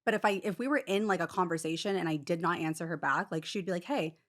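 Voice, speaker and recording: A woman's voice: fairly low pitch, fast talker. A woman in her thirties, a podcast guest, telling a personal story in a rambling, casual way with lots of fillers. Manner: rambling, many "like" fillers, acts out quotes.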